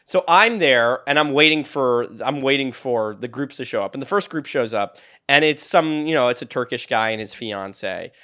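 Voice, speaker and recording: A man's voice: medium pitch, moderate pace, bright, forceful tone, smooth. A young man, a podcast co-host, telling stories in casual chat, rambling with many restarts and frequent laughter. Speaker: podcast co-host and tour guide.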